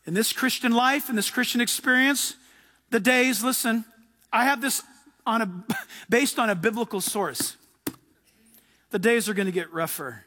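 A man's voice: extremely high pitch, moderate pace, long pauses, bright, forceful tone. A man preaching a sermon to his congregation, emphatic, acting out the people in the scriptures he quotes. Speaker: pastor. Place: church before a live congregation. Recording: long hall reverb.

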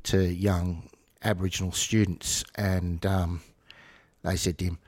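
Australian male radio host, low husky voice, animated storyteller. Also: unhurried. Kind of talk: casual chat.

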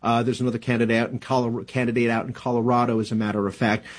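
Male guest commentator, husky, halting delivery full of fillers. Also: medium pitch, level tone. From New Jersey. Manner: halting, many fillers and restarts. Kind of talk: radio interview, casual analysis.

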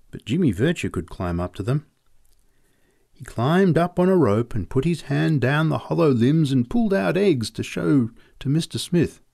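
A man reading short stories aloud as narrator, with an expressive, varied storytelling delivery. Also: mid-range voice, vocal fry, no echo, studio quality.

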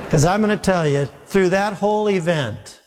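Pastor telling a funny story in a hall. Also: male voice, high-pitched, slight background noise. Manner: humorous, self-mocking anecdote with acted dialogue. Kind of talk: sermon storytelling.

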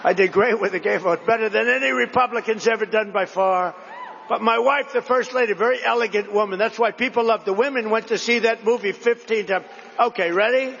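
Brief: man giving a rambling rally speech, high-set gravelly voice, long hall echo. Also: fairly quick, fairly bright tone, dull audio, a little hiss or hum. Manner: rambling, digressive, repetitive storytelling to a crowd. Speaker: political speaker at a rally.

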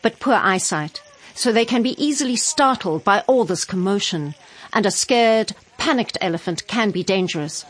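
A woman reading a scripted news report in an even, measured way. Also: mid-range voice.

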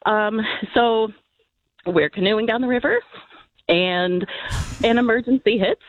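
A woman's voice: a little high, measured pace, dry recording. A woman calling in to a radio show, telling a story hesitantly with many restarts. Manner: hesitant, giggly, lots of restarts. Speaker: caller. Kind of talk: phone-in story. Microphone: phone. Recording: dull phone-line audio.

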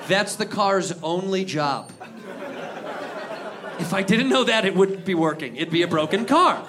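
A young man doing a stand-up routine, animated and ranting, swearing and acting out voices. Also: high-pitched, a little slow, long pauses, background noise. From United States. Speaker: stand-up comedian. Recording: live club with audience laughter. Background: crowd laughing.

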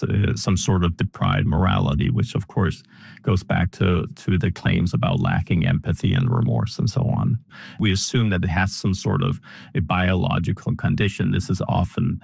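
Man, very deep voice, gravelly, husky, dry sound. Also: a little mellow, no echo. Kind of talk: explanatory interview talk.

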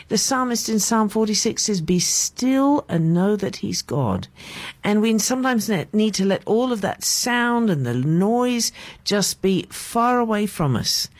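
Woman, devotional host, pastoral and gentle, very expressive pitch, dry close sound. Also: no room sound. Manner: gentle, pastoral, addresses listener as beloved. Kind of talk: short devotional talk.

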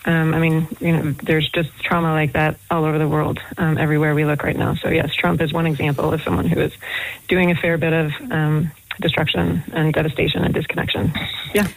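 A woman's voice: sits low, brisk, gravelly, rough recording. A woman from Boston with an American accent, a guest professor chatting in a radio interview and telling stories with lots of fillers. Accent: American, Boston area. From Boston, United States. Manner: chatty, animated storyteller with many fillers.

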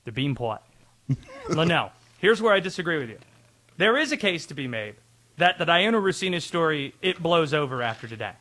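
A man with a high-pitched voice co-hosts a sports talk show. He talks quickly and playfully as he argues with his partner, and he tends to push back in a debating tone. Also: very animated, sharp tone.

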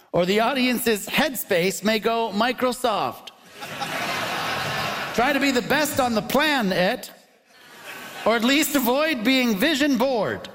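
A man's voice: very high-pitched, background noise. A man hosting a comedy panel show on stage, jokey and laughing often. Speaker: game show host. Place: stage before a live audience.

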